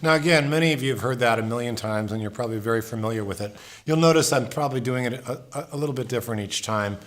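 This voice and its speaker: Relaxed male guitar teacher, mid pitch, talking over his own playing. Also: quick pace. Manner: relaxed, thinks aloud, repeats words while playing. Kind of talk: casual instructional lesson. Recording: guitar music in the background. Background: acoustic guitar playing.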